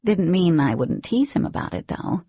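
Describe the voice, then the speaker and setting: A woman narrating an audiobook in first person, with an expressive reading and a husky, creaky voice. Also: fairly low pitch, moderate pace, dry recording, dull audio.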